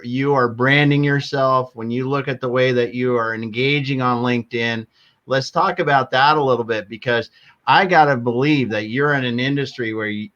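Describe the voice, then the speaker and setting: A man's voice: medium pitch, a bit bright. A man hosting an interview, who keeps the guest going with short affirmations. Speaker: host. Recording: slightly dull audio.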